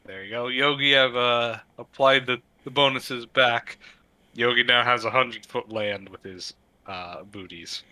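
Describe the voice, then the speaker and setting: A man narrating as game master of a tabletop game, halting often with fillers as he describes the scene. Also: mid-range voice, fairly even intonation, pushed and bright, no echo, low-quality recording. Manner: halting narration with many uhs.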